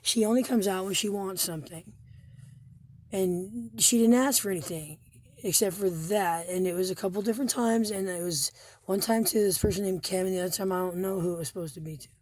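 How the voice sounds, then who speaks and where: A hoarse woman telling her own story to the camera in an agitated, profane way, with frequent repetitions and restarts. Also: mid-range voice, a little fast, a little mellow. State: hoarse, injured throat. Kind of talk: personal recounting to camera.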